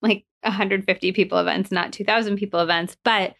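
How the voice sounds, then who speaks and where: A woman's voice: mid-range voice, fairly even intonation, a little fast, vocal fry, fairly bright tone. A woman hosting a podcast who asks questions and talks to listeners in a chatty, enthusiastic way. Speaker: podcast host. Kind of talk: casual podcast interview.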